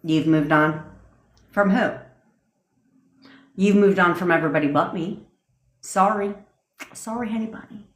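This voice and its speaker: A woman's voice: mid-range voice, moderate pace, long pauses. Brash, foul-mouthed woman coach ranting. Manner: blunt, profane, fired-up; reads and answers viewer comments. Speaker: manifestation coach. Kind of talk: livestream rant. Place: home desk. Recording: roomy, echoey room sound.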